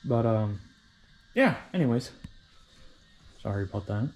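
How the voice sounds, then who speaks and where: Young guy vlogging from his workshop, dark mellow tone, loose and rambling, swears a lot, pokes fun at himself. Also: mid-range voice, expressive, measured pace, lo-fi sound, soft background music. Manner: rambling, profane, self-deprecating. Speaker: hobby vehicle restorer. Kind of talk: casual workshop vlog.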